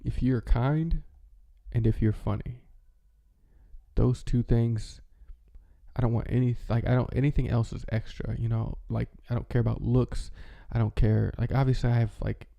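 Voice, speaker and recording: Male vlogger, casual rambling chat, very gravelly, dark and mellow. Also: mid-range voice, steady tone. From American Midwest. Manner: rambling, halting, with many fillers and restarts. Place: home, with his dog nearby.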